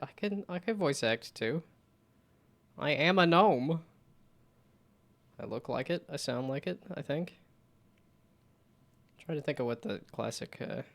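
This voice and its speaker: A man chatting casually on a live stream while building a game, rambling and self-mocking, with frequent laughter and silly high whoops. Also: vocal fry, fairly bright tone.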